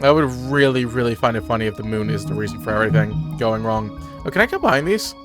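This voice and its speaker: A man's voice: fairly low pitch, animated, fast. A man who is under the weather, giving casual, chatty gameplay commentary and reading game text aloud. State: under the weather, chapped lips. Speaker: let's-play gamer. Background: music.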